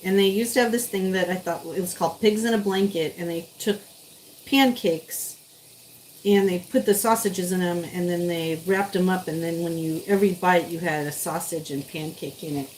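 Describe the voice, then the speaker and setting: A woman's voice: fairly low pitch, normal speed, a little mellow, a little hiss or hum, poor audio. A woman chatting to her viewers while she cooks on a live stream, sometimes stepping away from the mic. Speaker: live-stream cooking host. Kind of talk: casual live-stream cooking chat.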